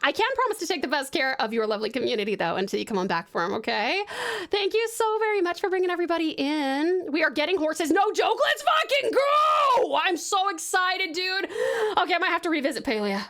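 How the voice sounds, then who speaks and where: Bubbly high-voiced Australian woman streamer. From Tasmania, Australia. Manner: bubbly and affectionate, swears freely, laughs often; chatty, rambling while sketching. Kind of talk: casual live-stream chat.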